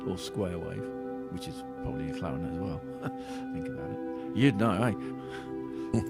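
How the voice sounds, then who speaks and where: Gravelly man with playful asides. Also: low voice, unhurried, loud music behind the voice. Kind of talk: casual live-stream chat.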